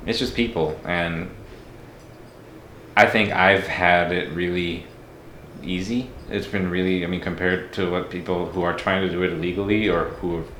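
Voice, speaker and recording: A man's voice: deep voice, steady tone, moderate pace, a bit bright, reverberant, a little hiss or hum. A man from Mexico talking as a podcast guest, reflective and candid in a casual interview.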